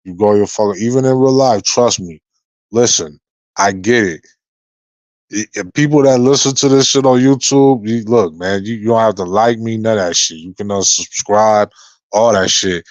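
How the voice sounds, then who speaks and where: A man's voice: on the low side, normal speed, dry recording, rough recording. A young man giving an unscripted freestyle rant on his channel, profane and confrontational, often repeating and restarting his words. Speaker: YouTuber.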